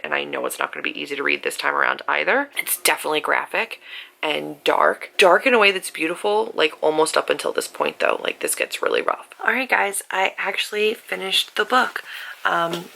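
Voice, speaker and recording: A woman's voice: deep voice, creaky, pushed and bright, low-quality recording. A woman vlogger chatting casually and emphatically about a book she is rereading, sore and resting in bed. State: sore after an accident. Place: in bed at home.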